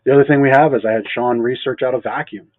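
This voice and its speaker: A mattress store owner co-hosts a local show, talking fast in a medium-pitched, fairly even voice during a casual business chat. He's easygoing and joking, tossing in sarcastic asides. The sound is dry and narrow, phone-like, with no echo.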